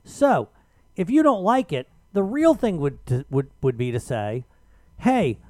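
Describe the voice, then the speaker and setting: A man hosting a radio talk show, telling an argumentative story in casual chat with animated emphasis. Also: on the high side, unhurried, no room sound.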